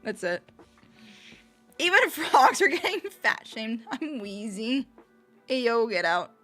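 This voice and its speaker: Animated, giggly woman streamer. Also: fairly high pitch, takes it slowly, soft background music. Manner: giggly, laughs often, animated. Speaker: livestreamer. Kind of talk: casual chat, reacting to videos.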